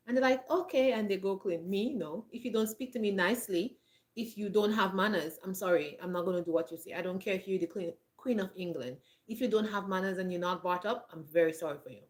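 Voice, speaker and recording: A woman's voice: mid-range voice, a little fast. A woman giving blunt, emphatic advice straight to camera on a countryside homestead, laughing often, with a frog in her throat. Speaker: homestead vlogger. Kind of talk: direct-to-camera advice talk.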